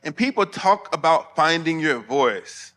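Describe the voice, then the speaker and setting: A man's voice: a little high, animated, measured pace, a bit bright. A middle-aged man preaching at a conference, conversational and humorous, with asides to the audience. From Alabama, US. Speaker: preacher and theologian. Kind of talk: conference sermon. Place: conference hall before pastors.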